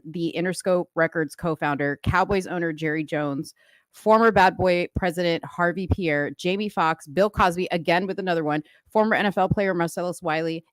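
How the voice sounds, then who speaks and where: A woman's voice: lowish voice, dry recording. A woman co-hosting a live talk show, chatting casually and laughing often. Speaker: co-host. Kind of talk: casual chat.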